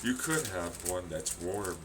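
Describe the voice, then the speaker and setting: A man voicing a breathy, coaxing noodle. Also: deep voice, animated, slow pace, noisy background, voice pushed down. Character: seductive whispering noodle, slow and coaxing. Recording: distant mic with sizzling frying.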